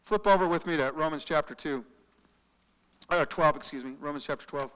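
A man preaching in a church, his voice sitting high for a man. His delivery swings from loud, insistent urging to hushed, searching questions. The sound is muffled and trails off in the long reverb of a big hall. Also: fairly quick, long pauses, clean tone. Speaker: pastor. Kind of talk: sermon.

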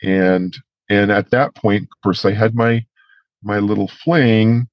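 A man's voice: fairly low pitch, steady tone, takes it slowly, dry recording, highs cut off. A middle-aged man as a podcast guest, recounting a conversation with fillers and restarts. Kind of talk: casual interview storytelling.

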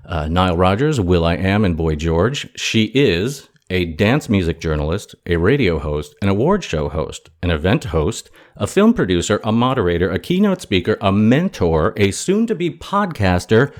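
A man's voice: sits low, big pitch swings, moderate pace, hardly any pauses. A man hosting a podcast in a casual, jokey, self-mocking way while interviewing a guest. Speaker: podcast host. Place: home in a city.

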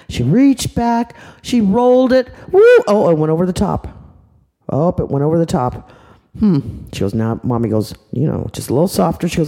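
Animated older woman telling a bedtime story. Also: on the low side, moderate pace, slightly rough. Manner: chatty, animated, with sound effects. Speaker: storyteller grandmother. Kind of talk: improvised bedtime story narration.

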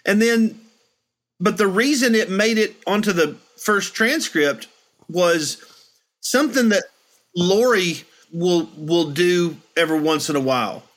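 A man's voice: high voice, a little slow, a bit bright. A middle-aged man in casual chat, reflectively telling stories and acting out quotes. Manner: reflective, storytelling with acted-out quotes. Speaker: podcast host.

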